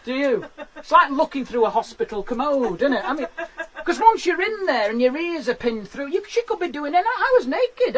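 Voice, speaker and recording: A man doing stand-up from his garden shed, with quick self-deprecating patter and laughs at his own jokes. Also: very high-pitched, fairly bright tone, rough recording. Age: 40s. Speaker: stand-up comedian. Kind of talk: live-streamed stand-up.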